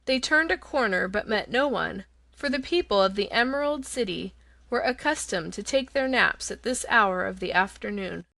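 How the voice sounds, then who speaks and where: A woman narrating a children's fantasy audiobook in a measured, expressive storytelling manner. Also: medium pitch, vocal fry, no room sound.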